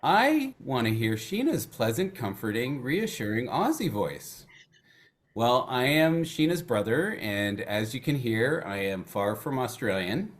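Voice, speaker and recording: A man's voice: mid-range voice, sing-song, unhurried. A man hosting a podcast episode in a jokey, upbeat way and laughing often. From Canada. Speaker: guest host.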